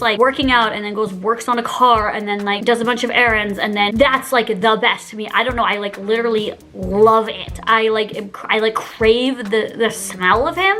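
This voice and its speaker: A woman's voice: fairly high pitch, sharp tone. A young woman YouTuber telling candid stories in a chatty, giggly vlog, filling her talk with "like". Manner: giggly, heavy use of "like", chatty. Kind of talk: confessional storytime vlog.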